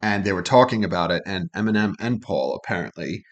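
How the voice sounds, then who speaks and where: A man with a low, animated voice talks briskly on a muffled recording. He co-hosts a music reaction channel, breaking down song lyrics in a loose, chatty style and swearing freely.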